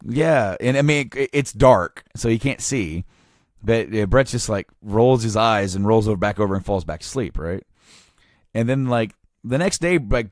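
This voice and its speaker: A podcast co-host with a lowish voice tells a long, funny story in casual conversation, animatedly acting out the quotes and using plenty of fillers. The recording is clean studio sound with no echo.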